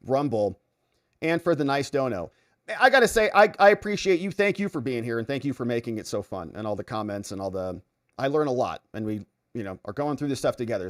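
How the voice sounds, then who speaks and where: A middle-aged man hosting a livestream in casual chat, reading viewer comments aloud and telling jokey stories. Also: mid-range voice. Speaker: livestream host.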